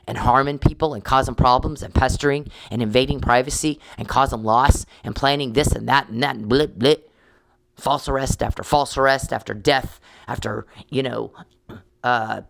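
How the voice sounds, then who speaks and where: A man of middle pitch rants straight at his target, cursing freely and circling back on his own words. The sound is dry and close, with almost no room around it. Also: fairly even intonation, moderate pace, creaky, a bit bright, no echo. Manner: profane and confrontational; rambling, with restarts. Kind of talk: angry monologue addressed to an opponent.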